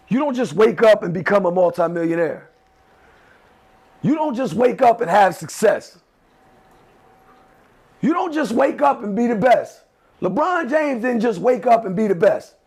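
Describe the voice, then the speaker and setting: A man's voice: high-pitched, lively intonation, a little slow, creaky, long pauses, a little mellow, slightly rough. A man giving an emphatic motivational talk to a class of teenagers, leading them in repeated affirmations. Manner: emphatic, repetitive, leads call-and-response affirmations. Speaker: motivational speaker.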